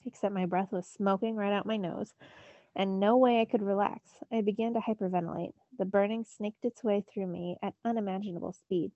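A woman's voice: medium pitch, fairly even intonation, brisk, mellow, no room sound, dull audio. A teacher reading a novel aloud to her students, narrating expressively in the first person. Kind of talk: storybook read-aloud.

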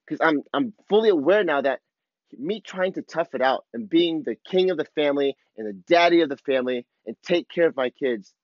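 A man's voice: mid-range voice, dry recording, muffled recording. A man in his thirties, a father speaking candidly and confessionally about his struggles, swearing casually. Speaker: father vlogger. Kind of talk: candid personal reflection.

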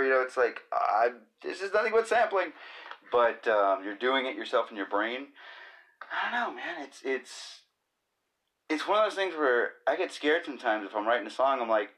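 With a mid-range, fairly bright voice, this podcast host in his thirties talks alone on a laid-back show. He wanders from topic to topic, cracks jokes, and keeps breaking into goofy voices or a bit of singing.

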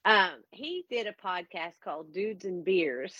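A woman co-hosting a podcast, chatting in an unhurried, self-deprecating way. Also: medium pitch, lively intonation, bright, forceful tone, no echo. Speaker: podcast co-host. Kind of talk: casual chat. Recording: dull, dry, lo-fi sound.

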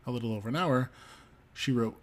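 Reading out entertainment news on the podcast he co-hosts, this adult father of a young child fills it with ums and offhand remarks. His voice is mid-range and fairly quick.

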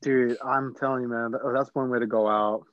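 A man's voice: mid-range voice, steady tone, a little fast, dry recording, lo-fi sound. A young man joining a casual podcast chat, playful and teasing.

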